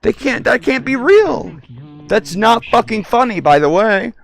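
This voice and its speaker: A man's voice: extremely high pitch, sing-song, unhurried, creaky. A man streaming a social VR game, reacting in a panicky, swearing, exclaiming way. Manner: panicky, yelps and swears a lot. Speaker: VR chat streamer. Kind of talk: casual reactive commentary. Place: at home, playing in virtual reality.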